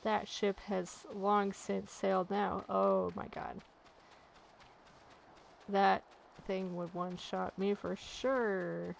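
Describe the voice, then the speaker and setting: A woman's voice: mid-range voice, flat delivery, takes it slowly, vocal fry, pauses often, a little hiss or hum, low-quality recording. A woman casually commenting on her gameplay with joking, chatty asides into a desk mic. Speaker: let's play gamer.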